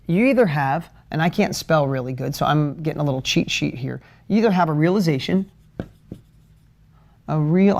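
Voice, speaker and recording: A man teaching at a whiteboard on a live stream, emotional and animated, jumping between ideas and talking straight to his viewers. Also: on the high side, slight background noise. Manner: talks straight to viewers, asks for comments. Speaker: business coach hosting a live stream.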